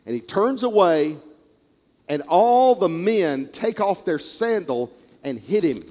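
A man preaching a sermon, retelling a parable with animated storytelling and acted-out characters. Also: sits high, slow. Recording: long hall reverb.

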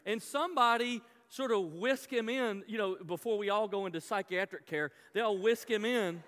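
A man's voice: sits high, normal speed, fairly bright tone, clear, resonant tone. A middle-aged man preaching a sermon in a church, telling a story and asking the congregation questions, often repeating his words. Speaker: pastor. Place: church hall. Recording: long hall reverb.

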